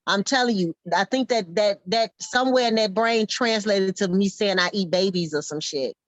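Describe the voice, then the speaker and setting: A woman's voice: medium pitch, moderate pace, no echo, highs cut off. A woman telling wry, profane stories in a casual chat, laughing as she goes.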